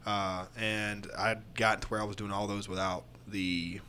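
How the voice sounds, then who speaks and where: A fairly low-pitched man chats loosely on a podcast about taking bumps in the ring. He rambles and restarts his sentences. A faint hiss of noise sits under his voice. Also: flat delivery, a little slow, sharp tone. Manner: rambling, candid storytelling with fillers and restarts. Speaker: pro wrestler guest. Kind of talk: casual podcast chat.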